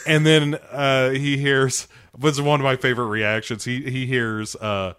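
A man's voice: mid-range voice, normal speed, a bit bright, dry recording, studio quality. A man casually recapping a TV episode with a co-host, animatedly acting out lines, swearing and laughing. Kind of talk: casual chat.

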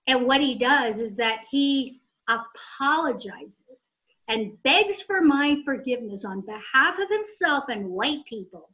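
Bright, high-voiced woman telling a story. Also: measured pace. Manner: profane, animated, snarky. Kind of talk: casual storytelling chat.

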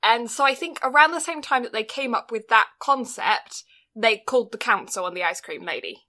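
A British woman co-hosting a podcast, chatting casually and telling stories with quick asides. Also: fairly high pitch, bright, forceful tone. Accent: British English. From Britain. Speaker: podcast co-host.

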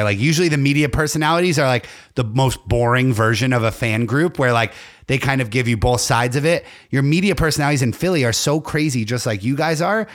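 A man's voice: medium pitch, a bit bright. A man hosting a podcast, chatting loosely and joking, swearing freely. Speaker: podcast host. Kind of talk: casual podcast banter.

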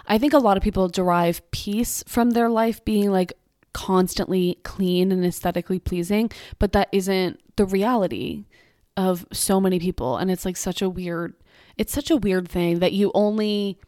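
A woman's voice: on the low side, darkish tone, no room sound, clean studio sound. A young woman hosting her own podcast, chatting casually and ranting about pet peeves, swearing and saying "like" a lot. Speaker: podcast host. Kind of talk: casual solo podcast chat.

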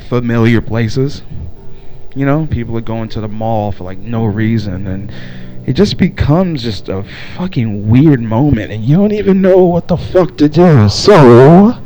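A man's voice: mid-range voice, darkish tone, slight background noise. A young man hosting a solo podcast, ranting in a rambling way with lots of swearing and fillers. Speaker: podcast host.

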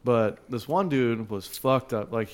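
A man in his thirties swaps a crude bar story on a casual podcast. He swears freely, laughs between lines and pushes louder as the story builds. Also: mid-range voice, unhurried. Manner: profane, laughing often, loud when excited.

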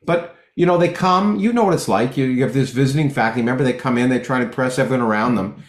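A middle-aged man, a physicist guest in an interview, talking in long rambling stretches full of restarts and lively anecdotes. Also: medium pitch, fast talker, roomy sound. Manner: rambling with many restarts, animated when telling jokes. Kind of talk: conversational interview, anecdotal storytelling.

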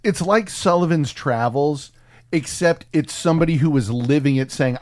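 A man's voice: fairly high pitch, moderate pace. A man co-hosting a casual film chat podcast, telling stories with lots of swearing and restarts. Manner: profane, animated storyteller with restarts. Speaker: podcast co-host.

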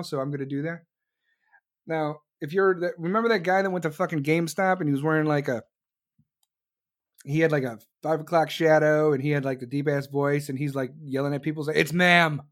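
A man's voice: fairly high pitch, steady tone, brisk. A man delivering a profane, sarcastic political rant as commentator. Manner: angry, sarcastic, mocking.

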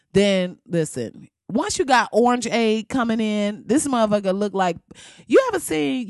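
A woman hosts a podcast and rants for laughs, swearing freely and laughing between lines. Her pitch leaps and dives all over. The sound is close and dry, with no room around it. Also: no echo. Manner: laughs often, profane, animated, slips into impressions. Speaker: podcast host. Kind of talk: casual comedic podcast rant.

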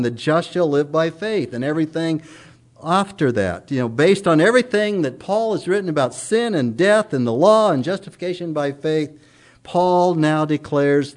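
Middle-aged male preacher, emphatic sermon delivery, slightly high pitch. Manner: earnest, emphatic preaching with strong rises and falls.

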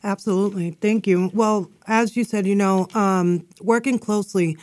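A woman's voice: medium pitch, steady tone, moderate pace, darkish tone, dry recording, clean studio sound. A woman guest on a community radio talk show, talking about her job in a modest, friendly way with frequent fillers. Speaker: guest, chief of staff. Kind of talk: radio interview.

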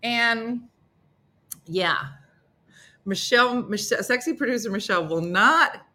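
Bright, teasing woman hosting a morning show. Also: medium pitch, slight background noise. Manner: playful, teasing, laughs often. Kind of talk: casual comedic chat.

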